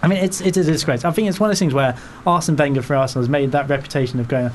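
A man hosting a football chat podcast, talking in a slightly higher register with a loose, joking, rambling delivery. There is faint room noise in the background. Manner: jokey, rambling, quick asides. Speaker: podcast host.

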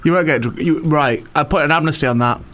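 Teasing radio host, higher-pitched man. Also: quick pace, fairly bright tone, a little hiss or hum. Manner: teasing, swears freely, laughs often. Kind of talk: casual banter.

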